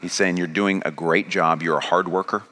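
A man's voice: low-pitched, fairly even intonation, normal speed, bright, forceful tone. A man preaching a sermon, paraphrasing Jesus and building to a pressing, rising delivery. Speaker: pastor.

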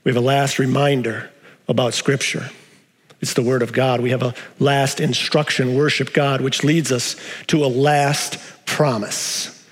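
A male pastor delivering a sermon, moving between quiet low stretches and raised, emphatic questions to the congregation. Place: church sanctuary. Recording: long reverb of a large hall.

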